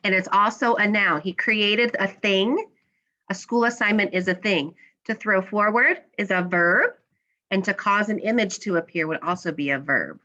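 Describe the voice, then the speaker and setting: A woman's voice: medium pitch, moderate pace, pushed and bright, highs cut off. A woman teacher giving a classroom slideshow lesson, patiently asking questions and then answering them herself.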